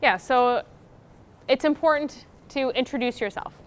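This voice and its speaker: A woman's voice: high-pitched, a little slow, clear, resonant tone. A young woman co-presenting a university workshop, explaining in a casual, sort-of-filled way. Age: young adult. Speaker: graduate student co-presenter.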